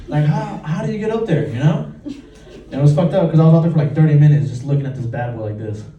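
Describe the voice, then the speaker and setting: A man's voice: on the high side, expressive, fast, warm tone, distant mic, dull audio. A young man from Los Angeles doing a stand-up comedy set, telling stories and acting out the people in them. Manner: storytelling, acts out characters with voice shifts. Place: comedy club stage. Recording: roomy club sound, crowd laughing. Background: crowd laughter.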